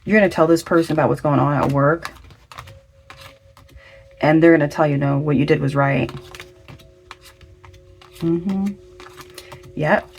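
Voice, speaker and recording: A woman's voice: low-pitched, unhurried, pauses often, soft background music. A woman giving a casual pick-a-card tarot reading, chatty and slangy, with lots of affirming fillers. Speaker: tarot reader.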